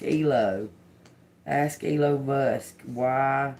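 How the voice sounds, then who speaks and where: Brief: male livestream psychic, gravelly, very slow, halting word-by-word delivery. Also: mid-range voice. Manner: slow, halting, repeating single words aloud. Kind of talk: live spirit-box and card reading.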